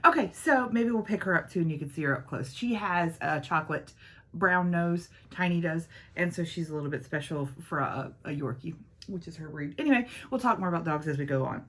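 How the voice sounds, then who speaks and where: A woman's voice: fairly low pitch, expressive, brisk, fairly bright tone. A woman hosting a casual get-ready-with-me vlog, rambling in a friendly way and talking straight to her viewers. She records on a phone in her makeup room at home. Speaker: beauty vlogger host. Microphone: iPhone camera.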